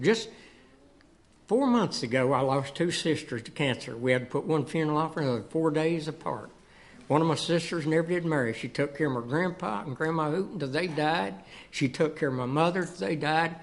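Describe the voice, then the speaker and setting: A man speaks to a congregation in folksy, storytelling fashion. His voice sits fairly high. He is a guest speaker giving testimony from the pulpit. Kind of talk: church testimony and sermon. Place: church sanctuary.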